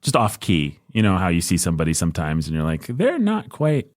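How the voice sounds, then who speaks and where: A man's voice: sits low, quick pace, no room sound, clean studio sound. A man co-hosting a podcast, chatting casually in a rambling, jokey way that keeps restarting sentences. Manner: rambling, self-interrupting, jokey. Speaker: podcast co-host.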